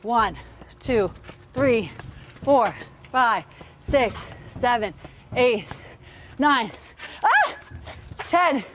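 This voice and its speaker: A woman's voice: fairly high pitch, lively intonation, extremely slow, pauses often, background noise. A woman coaching kids through a live online tennis workout, upbeat and counting drills aloud, sometimes out of breath.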